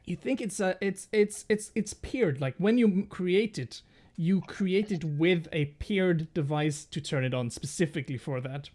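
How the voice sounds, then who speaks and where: A man narrating as game master in a live tabletop role-playing session, halting often and restarting his sentences as he describes the scene. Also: high voice, a little mellow. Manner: halting, many restarts and fillers.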